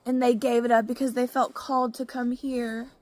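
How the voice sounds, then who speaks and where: An Arkansas vlogger gives a casual personal testimony, frank and profane, her speech dotted with "you know." Her voice sits on the high side with flat delivery and a darkish tone, at normal speed. The recording has no echo.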